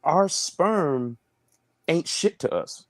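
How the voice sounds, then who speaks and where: A young comedian and new father talks bluntly and crudely in a casual panel discussion. He is animated but speaks very slowly, with no echo, and acts out other people in a high, mocking voice.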